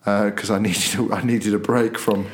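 A man's voice: lowish voice, moderate pace. A man, a newspaper editor hosting a local podcast, telling a long anecdote in casual chat and acting out the voices of the people in it. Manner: animated storyteller, acts out voices in quotes.

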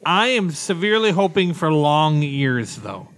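Laid back podcast dude, lots of ums, kinda high voice. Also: male voice, big pitch swings, measured pace, a bit bright. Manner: easygoing, hesitant with fillers. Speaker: podcast co-host. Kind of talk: casual chat.

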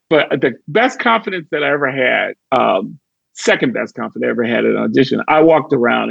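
Gravelly animated male storyteller. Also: mid-range voice, dry recording, dull audio. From Chicago. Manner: animated, acts out voices in his stories. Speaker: guest, actor and comedian. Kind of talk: casual storytelling.

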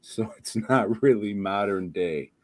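A man with a lowish voice rambles through a horror podcast chat, laughing and swearing as he goes. He speaks slowly and takes his time. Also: a little mellow. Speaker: podcast co-host. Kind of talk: casual chat.

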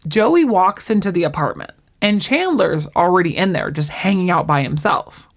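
A woman chatting casually as she recaps a TV episode, an animated storyteller who often acts out what the characters say. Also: on the low side, moderate pace, gravelly.

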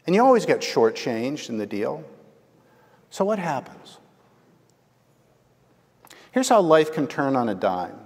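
Animated preacher in an echoing hall. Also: male voice, medium pitch, a little slow, pauses often, husky. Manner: storytelling, asks the congregation "right?". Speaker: pastor. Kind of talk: sermon. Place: church. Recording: long hall reverb.

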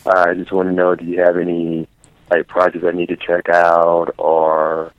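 A man's voice: sits low, completely flat delivery, unhurried, dry recording. A man from Illinois calling in to a talk show, asking questions hesitantly over a dull phone line. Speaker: caller. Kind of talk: phone call-in.

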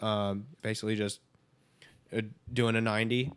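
A man's voice: on the low side, flat delivery, moderate pace, clean tone. A young adult man, a guest in a casual chat, telling stories in a laid-back, profane way.

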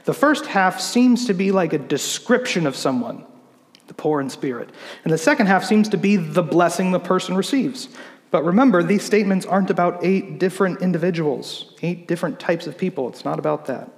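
A man, a pastor, preaching a sermon in an explanatory teaching manner, slowing down to read scripture. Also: high voice, animated, in a large hall.

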